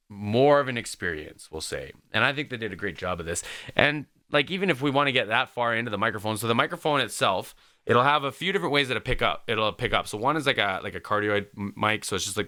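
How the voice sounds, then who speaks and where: Male reaction host, bright crisp voice, casual rambling delivery. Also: lowish voice. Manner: rambling, full of "like" and "man".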